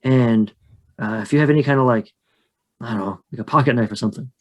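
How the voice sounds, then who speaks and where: A man's voice: mid-range voice, quick pace, close to an everyday voice. A man voicing a shy, huge, hairy male skunk ape who lives in a swamp cave, talking in a flustered, rambling, hesitant way. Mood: explaining.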